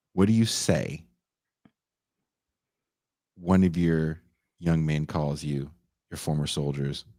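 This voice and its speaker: A bass-voiced man co-hosting a podcast tells a story casually and with animation, swearing freely and acting out what people said. The recording is studio quality, free of echo.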